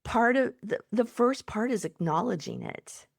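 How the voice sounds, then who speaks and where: Gentle woman psychotherapist giving advice. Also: on the high side, animated, unhurried, creaky, no room sound, clean studio sound. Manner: gentle, acts out soothing self-talk. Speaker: psychotherapist and coach guest. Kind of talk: warm conversational advice.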